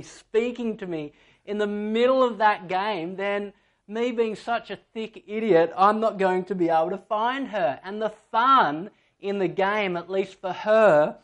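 A man, preaching a sermon and telling stories, acting out a child's voice at times. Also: high-pitched. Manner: storytelling, acts out a child's voice in anecdotes. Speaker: pastor.

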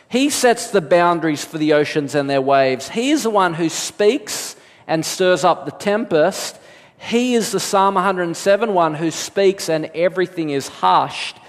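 High-voiced preaching man in a reverberant hall. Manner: animated preaching, acting out quoted voices with big pitch jumps. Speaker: pastor. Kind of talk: sermon.

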